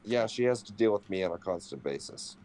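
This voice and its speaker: A man's voice: lowish voice, expressive, a little fast, darkish tone, slight background noise. A man chatting casually, telling wry, sarcastic anecdotes about his girlfriend. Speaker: streamer's boyfriend. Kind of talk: casual storytelling chat.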